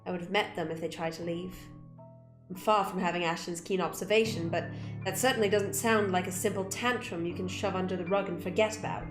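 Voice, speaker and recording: A woman gamer reading a visual novel aloud with expressive delivery and blunt, swearing asides. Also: fairly low pitch, fairly quick. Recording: roomy room with music behind.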